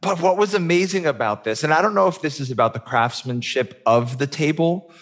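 A man's voice: on the high side, expressive, brisk. A man co-hosting a podcast, telling stories with animation and laughing often in casual chat. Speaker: podcast co-host.

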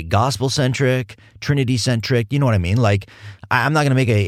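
A man hosting a casual podcast and teaching the Bible, animated and emphatic, often repeating words for stress and poking fun at himself. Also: on the low side, no echo, clean studio sound. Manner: animated, self-mocking, emphatic repetition.

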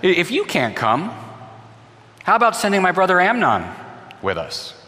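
A man's voice: high-pitched, huge pitch swings, bright, forceful tone, voice pushed up, heavily acted. Man doing a stammering, scheming prince. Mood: halting. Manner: halting, stammering restarts. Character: young prince, halting and scheming. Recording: long hall reverb.

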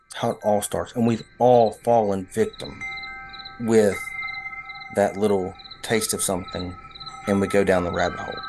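Deep slow guy telling a spooky story from his past, halting, soft music under it. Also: little pitch movement. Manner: slow, hesitant, reflective. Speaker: storyteller guest. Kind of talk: personal story, spoken.

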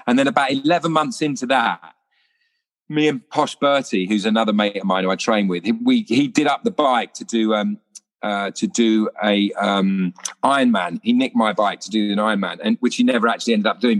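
Lively man telling anecdotes. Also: on the low side, fairly quick. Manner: lively storyteller, acts out voices. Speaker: actor guest. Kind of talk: casual anecdotal chat.

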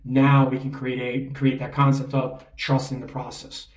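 A man's voice: medium pitch, completely flat delivery, normal speed. A man coaching in a conversational way, often checking in with "right?". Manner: conversational, keeps asking "right?". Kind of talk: spoken coaching talk. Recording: roomy echo, mic at a distance.

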